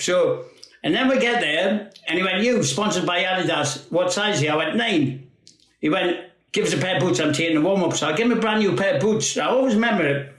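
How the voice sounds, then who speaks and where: A Geordie man in his fifties from North East England, his voice high-pitched and a bit bright. He's a guest spinning rambling football anecdotes, acting out quotes and laughing often. The recording is rough with a roomy sound.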